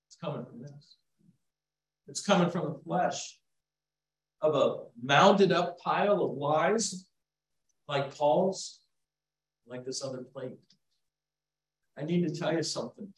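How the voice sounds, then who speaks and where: A man preaching a sermon, swinging between hushed asides and loud emphasis. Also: high voice, expressive, a little slow. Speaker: pastor. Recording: echoey room, mic from far off.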